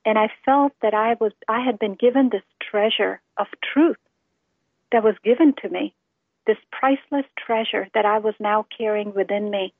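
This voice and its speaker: A woman's voice: mid-range voice, normal speed, creaky, no room sound. Earnest woman on a tinny phone line. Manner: earnest, heartfelt storytelling. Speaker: testimony speaker. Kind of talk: personal conversion testimony.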